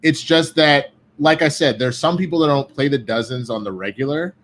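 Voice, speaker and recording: Profane, animated man telling stories. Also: fairly high pitch, normal speed, slight background noise. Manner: profane, animated storytelling with quoted voices. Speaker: guest. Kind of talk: casual podcast chat.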